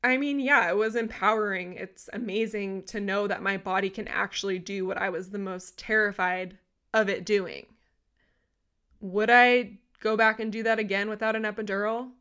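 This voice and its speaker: A young woman hosting a podcast, telling a personal story in a candid, animated way and swearing freely. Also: mid-range voice, moderate pace, clear, resonant tone. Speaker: podcast host. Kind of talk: casual storytelling monologue.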